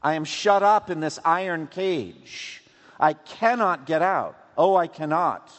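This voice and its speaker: A man voicing a despairing man shut in an iron cage, who laments slowly in a high voice. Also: lively intonation, a bit bright. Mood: anguished lament. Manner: slow, wailing lament. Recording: long hall reverb.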